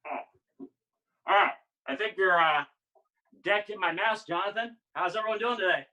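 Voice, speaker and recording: Bright, playful man doing magic patter. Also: high-pitched, moderate pace, recorded from a distance, low-quality recording. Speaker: illusionist performing. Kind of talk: patter for a live online magic act. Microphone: video call.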